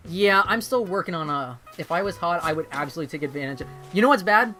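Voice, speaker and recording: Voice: mid-range voice, animated, a little fast, bright, forceful tone, faint music behind. A vtuber streamer in casual livestream chat, rambling and swearing freely and laughing often while playing a game at home.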